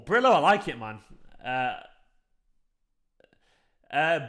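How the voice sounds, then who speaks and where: A young adult man hosting a football fan live stream, chatty and excitable, swearing casually as he reads the chat. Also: on the high side, moderate pace, pauses often.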